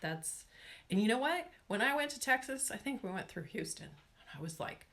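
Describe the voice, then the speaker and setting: A woman's voice: a little high, sing-song, normal speed, fairly bright tone. A woman from Washington state hosting a casual nail-care livestream, rambling and chatty, often saying "y'all" and reading out viewer names and questions. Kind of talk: casual live-stream chat with viewers.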